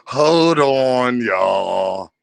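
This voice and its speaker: A man hosting a casual livestream, reading out donations and talking straight to his chat, animated and laughing often. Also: medium pitch, drawn-out words, vocal fry, no room sound. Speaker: livestream host.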